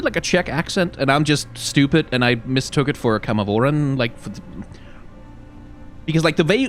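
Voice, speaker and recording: A man's voice: medium pitch, fairly bright tone. A man giving casual let's-play commentary, chatty and rambling, with many fillers. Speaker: gaming video host.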